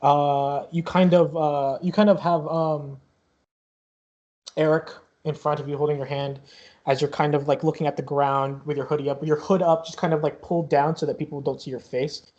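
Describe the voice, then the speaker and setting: A man's voice: on the high side, little pitch movement, moderate pace, darkish tone, highs cut off. A man narrating a tabletop game as game master in a rambling, casual way, stacked with fillers and restarts.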